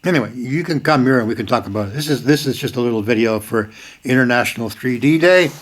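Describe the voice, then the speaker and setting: A man's voice: mid-range voice, fast. An older man talking straight to the camera, emphatic, repeating key lines and breaking into sudden bursts of force. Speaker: video host. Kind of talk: casual spoken commentary.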